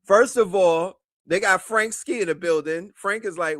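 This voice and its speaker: Guy roasting a clip, kinda high voice, dry close sound. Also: moderate pace, fairly bright tone, dry recording. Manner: mocking, loose, laughing asides. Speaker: commentator reacting to a clip. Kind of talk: casual reaction commentary.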